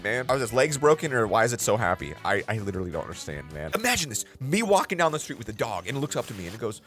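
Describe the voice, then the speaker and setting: A man's voice: medium pitch, racing, hardly any pauses, soft background music. A young man hosting a reaction video, chatting casually and jokingly straight to his viewers. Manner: animated, jokey, talks straight to viewers with slang.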